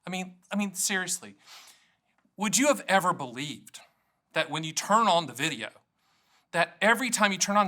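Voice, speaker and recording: A middle-aged American annuity agent and show host speaks to camera in an energetic solo monologue, playful and self-mocking, shifting from jokes to explanation. His high voice has a sharp tone and is very animated, at a normal speed.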